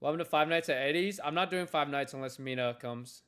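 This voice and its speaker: A man's voice: a little high, fairly quick, fairly bright tone, clean tone. A young man chatting casually on his livestream, telling loose stories full of slang and swearing, calling everyone bro. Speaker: day-trading livestreamer.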